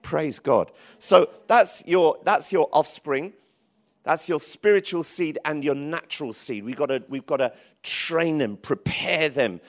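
A man preaching a sermon in church, lively and emphatic, with frequent restarts. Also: fairly high pitch, a little slow. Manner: lively, rising to emphatic calls, with many restarts. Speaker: pastor.

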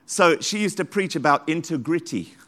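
A man's voice: fairly high pitch, animated, normal speed, pushed and bright, a little hiss or hum. A man preaching a sermon in church as the pastor, fervent and full of repeated praise calls. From London, England.

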